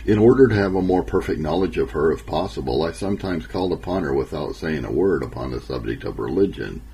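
A man narrating an old memoir in a measured, earnest and solemn way. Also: rumbling low, animated, warm tone, slightly rough, rough recording.

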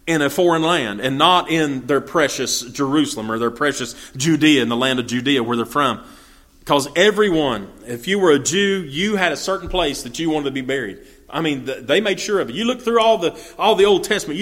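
A man's voice: fairly high pitch, fairly bright tone. A man teaching a verse-by-verse Bible study. He reads the scripture aloud and then explains it in plain, folksy talk with fillers and restarts.

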